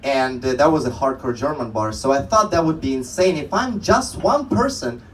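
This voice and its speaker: A man's voice: mid-range voice, animated, moderate pace, far from the mic, a little hiss or hum, low-quality recording. A young man doing a stand-up comedy set on a club stage, telling rambling stories with many restarts.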